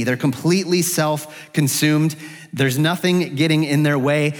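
A man's voice: fairly high pitch, a little slow. A man preaching an expository sermon in a church, earnest and searching, lifting his voice when he speaks the prophet's prayers aloud. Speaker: pastor. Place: church sanctuary. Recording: long hall reverb.

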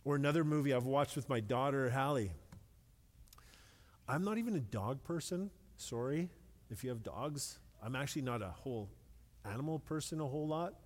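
A middle-aged man preaching a sermon in a relaxed, conversational way, with light self-deprecating humor and words repeated when he stresses a point. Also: medium pitch, moderate pace. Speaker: pastor. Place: church sanctuary with long reverb. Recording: long hall reverb.

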